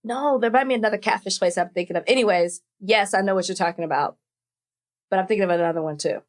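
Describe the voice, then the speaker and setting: A woman's voice: medium pitch, quick pace. Teasing woman podcast co-host. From Dallas, Texas. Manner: teasing, laughs often. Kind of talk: casual chat.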